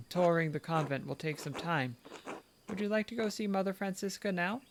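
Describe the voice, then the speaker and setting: A man's voice: high-pitched, steady tone, normal speed, noisy background, lightly acted. A man putting on a cockney-tinged old nun. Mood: kindly. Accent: put-on British, a little cockney. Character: elderly nun speaking in a kindly, knowing way. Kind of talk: reading game dialogue aloud.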